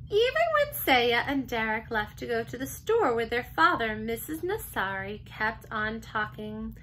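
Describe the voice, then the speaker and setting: A teacher reading a children's chapter book aloud, gentle and expressive. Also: female voice, fairly high pitch, measured pace, slight background noise, rough recording. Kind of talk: storybook read-aloud.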